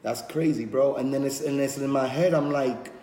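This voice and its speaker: A man in his thirties, a podcast host, chatting casually and telling animated stories about his friends. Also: mid-range voice, normal speed. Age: 30s. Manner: animated storytelling, acts out friends' voices. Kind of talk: casual chat. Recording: echoey room with long reverb.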